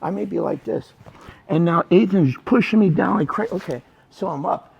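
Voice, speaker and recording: A man's voice: sits high, vocal fry, slightly rough, dull audio. A man teaching jiu-jitsu technique on the mat, coaching students and checking in with "right?" and "okay?", now and then acting out what a student would say. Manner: acts out students' lines in quick asides. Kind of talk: mat-side technique instruction.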